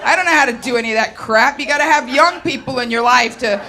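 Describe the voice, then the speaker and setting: A woman's voice: sits high, quick pace, sharp tone. A middle-aged woman doing stand-up, brassy and punchy, talking straight to the audience. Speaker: stand-up comedian. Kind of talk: stand-up comedy set. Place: comedy club stage with a laughing audience. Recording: live club recording, noisy crowd.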